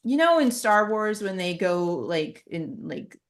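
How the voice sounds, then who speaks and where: A woman runs a horror tabletop game as game master, her voice sitting at a medium pitch. She talks in a casual, chatty way and laughs easily between descriptions. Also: very animated, unhurried.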